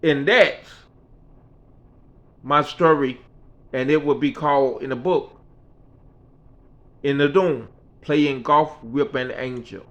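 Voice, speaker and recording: A man's voice: medium pitch, slow pace, long pauses, fairly bright tone. A man casually telling a personal story in a rambling, folksy way that often repeats itself. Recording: dull lo-fi recording.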